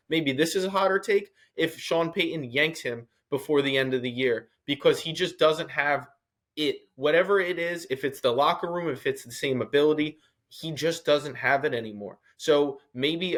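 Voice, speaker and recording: Male New York sports co-host, slightly high voice, blunt, hot-take style. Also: a bit bright. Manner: opinionated, blunt hot takes. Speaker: podcast co-host. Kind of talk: casual sports chat.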